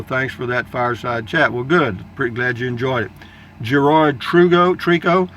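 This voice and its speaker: A man's voice: medium pitch, a bit bright, slight background noise. An older man reading viewer comments aloud in a folksy, rambling casual chat. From Texas, United States. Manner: folksy, rambling, chuckling asides.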